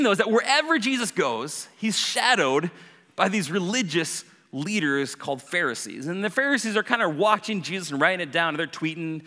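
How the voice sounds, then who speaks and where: A man preaching a sermon, telling the story in an animated way and acting out the characters. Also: high voice, big-room sound. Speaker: pastor.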